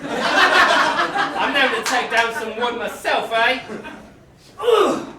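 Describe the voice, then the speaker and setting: A man's voice: extremely high pitch, animated, very slow, exaggerated voice. A man improvising a brash, bossy male lumberjack with a put-on British accent, on a comedy club stage. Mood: swaggering. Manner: blustery, swaggering, exclaims often. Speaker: improv performer. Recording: echoey club room, mic far off, loud crowd and noise.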